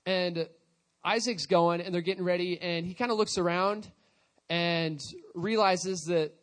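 A man with a high voice preaches in a relaxed, conversational way. He retells a scripture story in his own words, slipping into quoted lines as he goes. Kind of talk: storytelling sermon.

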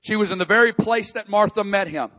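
A man preaching a sermon, reading scripture and building to impassioned, near-shouted prayer. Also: high voice, a little fast. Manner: impassioned preaching, rising to shouts in emotional passages. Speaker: pastor.

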